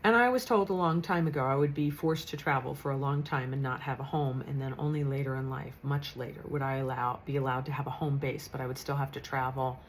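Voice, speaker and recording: A woman's voice: extremely low pitch, steady tone, fast, hardly any pauses, slight background noise, rough recording. A woman in her fifties, a psychic medium telling a story in a chatty, earnest way with frequent restarts. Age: 50s. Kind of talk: casual storytelling monologue.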